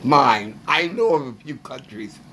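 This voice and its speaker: Man, casual solo rant, slow drawn-out delivery, pitch swinging up and down. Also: very animated, sharp tone, slight background noise. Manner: slow, emphatic ranting with long pauses. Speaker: vlogger. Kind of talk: casual monologue.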